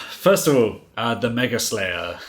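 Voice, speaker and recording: A man co-hosting a podcast, recapping comics in rambling casual chat full of "like" fillers. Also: medium pitch. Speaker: podcast co-host.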